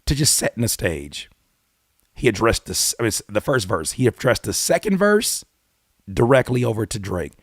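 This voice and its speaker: An excitable man on a casual live reaction stream, his voice leaping around in pitch as he bursts out and then drops to a mutter. He mixes read-aloud notes with slangy commentary. The sound is dry and close, with no room echo. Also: moderate pace. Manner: excitable, swings from loud exclamations to muttering. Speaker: YouTube host reacting to a song.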